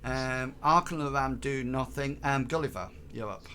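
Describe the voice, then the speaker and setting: A man narrating a tabletop game as game master, halting and full of ums. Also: mid-range voice, sharp tone, slight background noise. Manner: hesitant, many ums and restarts.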